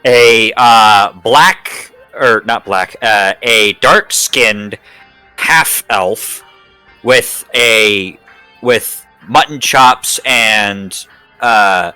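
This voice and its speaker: Slow, halting game master man. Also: fairly low pitch, pushed and bright, clear, resonant tone, low-quality recording. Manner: slow, halting, with many fillers. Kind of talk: narrating a tabletop game.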